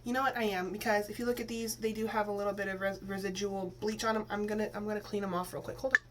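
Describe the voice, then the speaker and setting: A fast-talking woman with a medium, slightly bright voice and little pitch movement, she's a teacher from Texas who also vlogs. Her hair-dye tutorial is casual and rambling, packed with fillers and restarts. The recording has faint room noise and a slightly distant mic.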